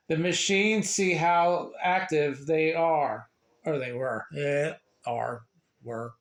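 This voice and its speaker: A man reading a children's book aloud in a casual way, slow and halting, with slips, restarts and little asides. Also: on the high side. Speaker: reader sharing a book. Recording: echoey room.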